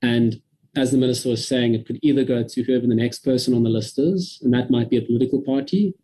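A man from South Africa giving a measured, careful briefing to a parliamentary committee over a video call. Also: medium pitch, mellow, a little hiss or hum, rough recording. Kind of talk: formal briefing.

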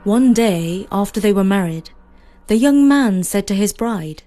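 A woman narrating a fairy story in a measured, expressive reading. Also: mid-range voice. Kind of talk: scripted narration.

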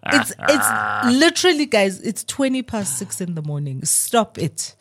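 A woman in her middle pitch range co-hosts a morning radio show, chatting casually. Her intonation is very lively, she laughs often, and she tends to restart her sentences mid-thought. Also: a little slow, creaky. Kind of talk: casual chat.

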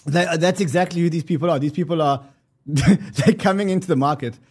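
Husky, animated male host. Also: on the high side, fairly quick. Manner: animated, laughing, swearing, repeating himself. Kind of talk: casual market commentary.

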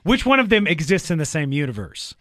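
A man co-hosting a casual movie chat, joking and acting out quick bits of dialogue. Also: a little high, sing-song, fairly bright tone, dry recording, studio quality. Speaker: podcast co-host.

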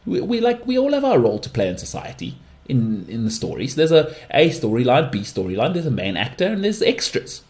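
A man with an English accent hosting his own podcast alone, giving strong opinions and often leaping into high-pitched mocking outbursts. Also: huge pitch swings, fairly quick, a little mellow. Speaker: podcast host. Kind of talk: solo podcast monologue.

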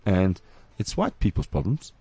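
A man's voice: low voice, sing-song, moderate pace, vocal fry, warm tone, husky. A man co-hosting a podcast, chatting casually and rambling through anecdotes while acting out other people's voices. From South Africa. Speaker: podcast co-host.

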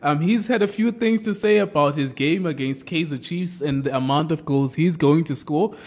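A man's voice: a little high, moderate pace, darkish tone. A man hosting a radio sports show, talking with enthusiasm and exclamations.

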